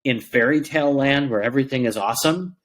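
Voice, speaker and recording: A man's voice: medium pitch, fast talker, a bit bright. Man thinking aloud on a podcast. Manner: thinks aloud, with many "like" fillers and restarts. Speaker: podcast co-host. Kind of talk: casual podcast chat.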